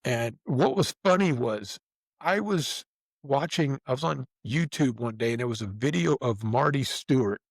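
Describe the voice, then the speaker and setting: A man's voice: mid-range voice, lively intonation, normal speed, gravelly, dry recording. A man in his fifties or older, hosting a podcast, telling long rambling stories in casual chat with swearing and acted-out quotes. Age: 50s or older. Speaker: podcast host.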